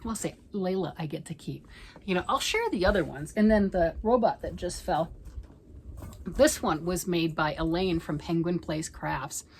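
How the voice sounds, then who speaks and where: A middle-aged woman chats casually from home, rambling from one thought to the next. Her voice sits a little low, and she often drops into a hushed near-whisper. A faint hum of noise sits behind her. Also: moderate pace, low-quality recording. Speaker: knitting vlogger. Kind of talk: casual chat.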